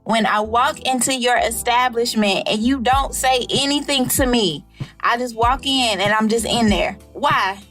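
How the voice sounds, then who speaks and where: A young woman co-hosting a podcast, her voice sitting fairly high as she tells stories in an animated, chatty way. She slips into the voices of the people she quotes. Faint music plays underneath. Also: unhurried. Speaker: podcast co-host. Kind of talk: casual storytelling chat.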